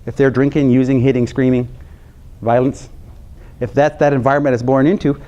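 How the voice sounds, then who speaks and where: Speaking at a slightly fast clip in a mid-range voice, a US health psychologist gives counselors an animated training talk. The recording is muffled. He drives points home by repeating key phrases and trades jokes with the room.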